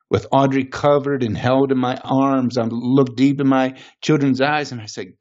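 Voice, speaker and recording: A man as a podcast guest, giving an earnest, emotional personal testimony and slowing down on the weighty moments. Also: mid-range voice, steady tone, darkish tone. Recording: muffled lo-fi recording.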